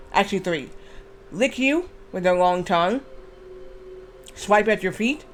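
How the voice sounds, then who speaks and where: High-voiced rambling male streamer. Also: expressive, unhurried, pauses often, soft background music. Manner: rambling, restarts, swears freely. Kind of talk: casual gameplay commentary.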